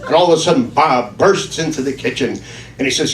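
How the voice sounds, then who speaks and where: Male stand-up comic, animated, distant mic in an echoey club with noise. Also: mid-range voice, fairly quick. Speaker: stand-up comedian. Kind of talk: stand-up joke telling. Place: small comedy club venue.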